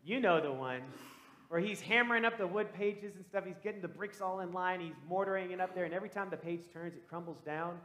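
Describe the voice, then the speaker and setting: A man who is a pastor, telling a story, growing hushed and then loud as the story turns. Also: high voice, brisk. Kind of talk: storytelling sermon. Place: church sanctuary. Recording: echoey church room.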